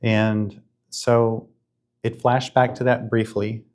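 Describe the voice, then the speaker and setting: A man in his fifties hosting a podcast, telling a spiritual story in an earnest, halting way with many restarts. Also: mid-range voice, flat delivery, a little mellow. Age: 50s. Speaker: podcast host.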